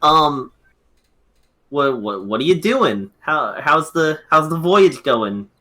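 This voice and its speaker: This man's voice is a little high and slow, with a sharp tone and big pitch swings. He's a player in a casual tabletop game, rambling, joking, and filling his speech with fillers.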